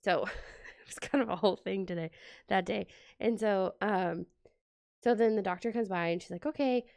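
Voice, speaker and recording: A woman's voice: medium pitch, normal speed, creaky, a little mellow, dry recording, clean studio sound. A woman chatting casually as she decorates a planner, telling a story and acting out the quotes. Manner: chatty, many "like" fillers, acts out quotes. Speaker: planner vlogger. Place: home, indoors.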